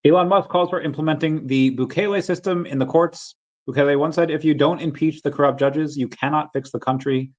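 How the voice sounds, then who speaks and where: A man's voice: on the high side, steady tone, a little fast, a little mellow, highs cut off. A man hosting a casual livestream, reading headlines aloud and greeting chat viewers, often restarting his words. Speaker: livestream host.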